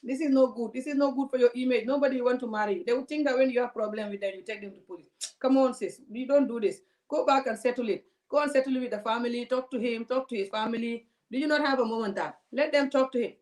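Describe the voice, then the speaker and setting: A woman's voice: on the high side, quick pace, darkish tone, distant mic, voice pushed up, lightly acted. A woman voicing a condescending male police officer who lectures and scolds in a raised voice. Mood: scolding. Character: condescending male police officer, middle-aged, dismissive and preachy.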